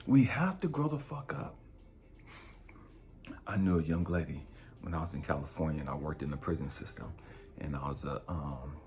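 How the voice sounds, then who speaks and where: A man, a spiritual coach, telling a story in a blunt, profane, animated way. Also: rumbling low, creaky. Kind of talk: casual storytelling monologue.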